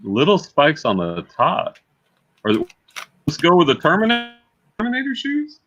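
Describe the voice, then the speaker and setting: A man's voice: fairly high pitch, wildly swooping pitch, normal speed, a bit bright. A man hosting a casual livestream, chatty and repeating words as he thinks aloud. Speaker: livestream host and reseller. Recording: slightly dull lo-fi sound.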